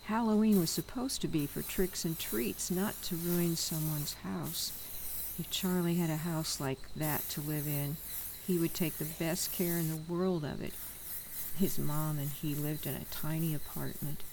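A woman narrating a story in a calm, measured reading voice. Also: low voice, vocal fry, a little hiss or hum, rough recording.

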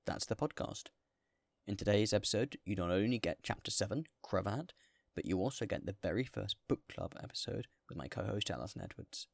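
Guy reading a novel out on his podcast, steady, kinda gravelly, dry sound. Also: fairly low pitch, brisk, no room sound. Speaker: podcast host and reader. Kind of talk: reading a classic novel aloud.

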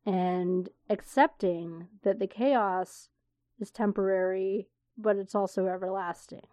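A woman's voice: mid-range voice, steady tone, slow, mellow, no room sound, clean studio sound. A woman hosting a podcast alone, talking in a candid, rambling way with swearing and asides. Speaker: podcast host. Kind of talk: casual solo podcast talk.

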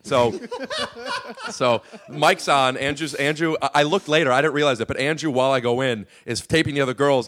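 A man's voice: medium pitch, very animated, a little fast, fairly bright tone. A man guesting on a podcast, telling rambling, profane stories with lots of fillers. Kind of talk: casual storytelling.

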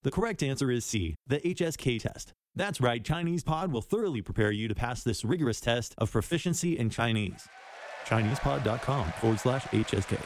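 A man reading a scripted trivia quiz segment in a lively game-show manner. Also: mid-range voice, fairly quick. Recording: loud music bed behind voice.

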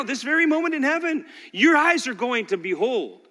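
A male pastor preaching a sermon, swinging between loud exhortation and quiet intensity. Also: extremely high pitch, sing-song, moderate pace, hardly any pauses. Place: large church hall. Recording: long hall reverb.

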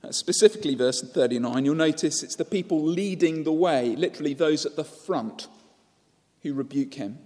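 Preacher in an echoey hall. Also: male voice, on the high side, normal speed, a little mellow. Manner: storytelling, with rhetorical questions. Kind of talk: sermon.

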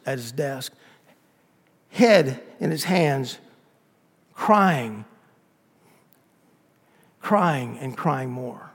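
Dramatic preacher in a reverberant hall. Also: male voice, medium pitch, lively intonation, drawn-out words, pauses often, slightly rough. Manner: dramatic, acting out characters with rising intensity. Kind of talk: sermon storytelling. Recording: long reverb of a large hall.

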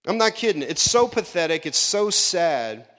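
A man preaching a lively sermon as pastor, acting out Bible characters in funny voices. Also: fairly high pitch, moderate pace, big-room sound. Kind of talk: animated sermon.

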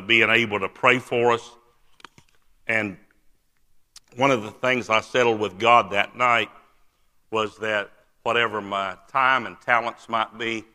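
A man's voice: on the low side, steady tone, sharp tone. Older preacher man telling his testimony, earnest, lots of uh's, long echo off a big church. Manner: earnest storytelling with frequent "uh" pauses. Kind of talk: testimony sermon. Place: large church sanctuary. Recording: long church-hall reverb.

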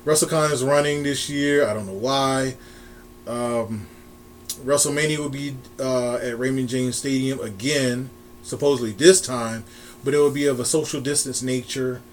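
A man's voice: mid-range voice, steady tone, normal speed, slight background noise. A man co-hosting a casual wrestling chat podcast, rambling with restarts and frequent laughs. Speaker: podcast co-host.

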